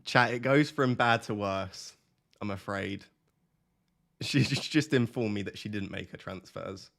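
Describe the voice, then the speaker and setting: A man's voice: lowish voice, measured pace, creaky, fairly bright tone. A man, casually chatting with his live stream audience, laughing and reading comments aloud.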